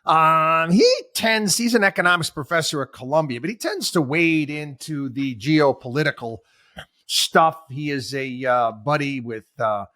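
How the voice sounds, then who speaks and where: A talk show host gives opinionated, talk-radio-style commentary that's sarcastic, exasperated, and packed with rhetorical questions. His slightly high voice has lively intonation, a little slow, pushed and bright, in a dry, studio-quality recording.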